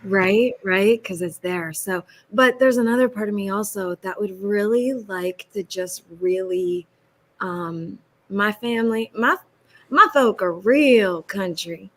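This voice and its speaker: A hoarse woman voice-acting guest, talking earnestly and slowly over a video call. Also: medium pitch.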